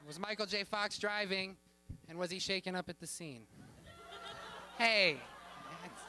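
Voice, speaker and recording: A man performing stand-up comedy on a club stage with a deadpan, mock-official delivery. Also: sits high, measured pace, a crowd in the background, noisy background. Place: comedy club stage before a live audience.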